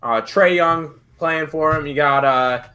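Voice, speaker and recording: A man's voice: a little high, a little slow, pushed and bright. A man giving casual basketball betting picks on a livestream, confident but rambling, often repeating words as he thinks. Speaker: betting analyst. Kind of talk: casual sports betting analysis.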